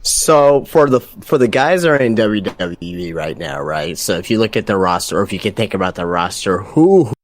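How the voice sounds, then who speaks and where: A man's voice: fairly low pitch, very animated, moderate pace, hardly any pauses, no room sound. A man chatting casually on a wrestling podcast, rambling with lots of fillers and asking for agreement. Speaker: podcast guest.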